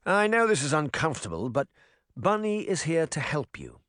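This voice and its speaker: A man reading aloud plays a courteous prince, pitched above his own voice. The prince speaks formally and earnestly, and the read is dry and close. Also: sing-song, normal speed, a bit bright, no room sound. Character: polite, earnest male prince.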